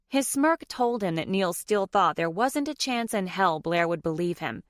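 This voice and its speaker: A woman narrating a romance audiobook in a steady storytelling manner. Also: medium pitch, normal speed, few pauses, dry recording, studio quality. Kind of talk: scripted narration.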